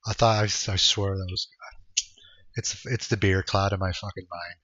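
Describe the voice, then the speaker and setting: A man's voice: lowish voice, fairly even intonation, moderate pace, sharp tone, no echo. A young man from Canada chatting casually with his live-stream audience, laid-back and swearing freely as he chuckles through replies. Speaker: game streamer. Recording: dull lo-fi stream audio.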